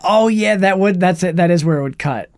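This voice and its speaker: A man's voice: high-pitched, fairly quick, a little mellow. A man co-hosting a casual movie-review podcast, retelling scenes and acting out lines in silly voices. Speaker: podcast co-host.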